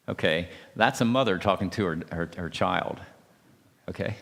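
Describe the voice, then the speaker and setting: A man speaking at a church marriage seminar, talking haltingly with many restarts and checking in with his listeners by asking "okay?". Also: sits low, creaky, a bit bright. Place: church hall. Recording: long hall reverb.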